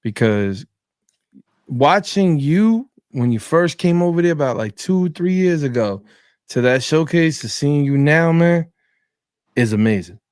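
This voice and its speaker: A man's voice: a little high, lively intonation, measured pace, a little mellow, clear, resonant tone, no echo, studio quality. A man hosting a casual chat, joking around with slang and laughing between lines. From New York.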